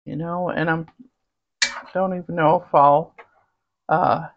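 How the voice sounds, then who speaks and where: Woman, light Southern accent, cooking vlogger, casual rambling chat, lowish voice, muffled lo-fi sound. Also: steady tone, takes it slowly. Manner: chatty, rambling, savoring food aloud.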